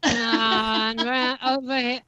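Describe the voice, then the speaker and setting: Lady cohost, jokey and teasing, kinda high voice, dry muffled audio. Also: level tone, sharp tone, dry recording. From England. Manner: joking, teasing, quick asides. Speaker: podcast co-host. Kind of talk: casual interview chat.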